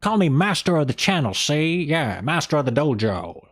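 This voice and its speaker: Man voicing a swaggering old-time gangster, lively lilt, clipped "see?" on every phrase. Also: a little high, moderate pace, exaggerated voice. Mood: cocky.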